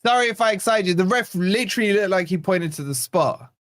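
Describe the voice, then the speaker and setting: A man's voice: high voice, a little fast, a bit bright. A man hosting a live football watch-along, blunt and sarcastic, venting about his team as the match plays out. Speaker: fan channel host.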